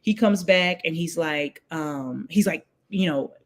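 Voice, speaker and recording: A woman, a guest telling her story in a casual interview, acting out what others said in lively voices. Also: low-pitched, unhurried. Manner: animated, acts out quoted voices.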